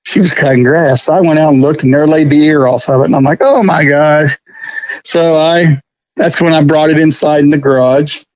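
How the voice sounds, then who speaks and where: A man's voice: on the high side, fairly even intonation, moderate pace, no echo. Chatty folksy man, dry lo-fi sound. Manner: chatty, folksy, laughs often. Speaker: guest prop restorer. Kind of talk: casual storytelling interview.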